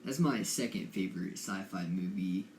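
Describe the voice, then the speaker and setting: A man's voice: sits low, normal speed, a little mellow. A young man co-hosting a casual podcast, hesitant and repeating himself, recorded in an echoey room. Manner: hesitant, repeats his words. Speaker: podcast co-host. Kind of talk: casual chat. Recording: echoey room with faint noise.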